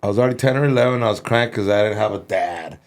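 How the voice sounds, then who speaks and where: A man from Los Angeles hosting a podcast, telling animated, profane stories in casual chat. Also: lowish voice, rapid-fire. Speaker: podcast host.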